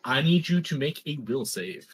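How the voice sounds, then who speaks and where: A man's voice: medium pitch, very animated, moderate pace, slightly rough. A man running a tabletop game as game master, narrating scenes with a playful, teasing manner.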